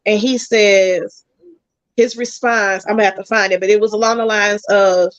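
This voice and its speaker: A woman guest chatting casually, telling a personal story in animated bursts. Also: mid-range voice, moderate pace, dry recording. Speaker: podcast guest. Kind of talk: casual chat. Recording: dull, dry lo-fi sound.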